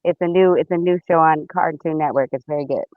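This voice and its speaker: A panel guest in a casual chat, making relaxed, jokey asides. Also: medium pitch, fast, a crowd in the background. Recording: dull dry sound.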